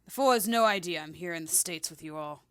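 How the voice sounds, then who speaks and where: A woman's voice: lowish voice, fast talker, fairly bright tone, a little hiss or hum, close to an everyday voice. A woman voicing a smug, sly middle-aged man who teases his rival, in a spoken game playthrough.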